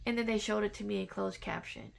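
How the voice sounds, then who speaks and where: A woman casually telling a personal story in a halting, reflective way, with many fillers and restarts. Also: medium pitch, fairly even intonation, creaky. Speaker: vlogger sharing a personal spiritual story.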